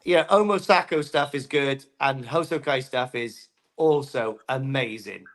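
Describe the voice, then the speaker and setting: A man joining a live auction as a guest, telling excitable, jokey stories in casual banter. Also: mid-range voice, a little slow. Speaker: guest co-host.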